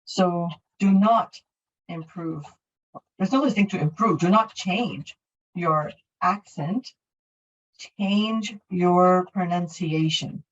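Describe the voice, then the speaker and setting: A woman's voice: on the low side, takes it slowly, far from the mic, highs cut off. A middle-aged woman from Canada teaching an English class online, explaining in a friendly way with many fillers and restarts. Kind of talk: online class, answering questions.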